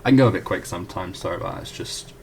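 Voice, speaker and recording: Talking very fast in a deep, gravelly voice, a young man explains a math proof at a whiteboard against a noisy background. The student tutor is chatty, keeps correcting himself, and slips in apologies.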